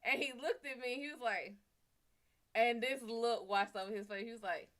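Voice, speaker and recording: Female stream host, crisp bright tone, casual cursing storyteller who talks straight to the chat. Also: a little high, steady tone, moderate pace. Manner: profane, chatty, talks to viewers. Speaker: livestream host.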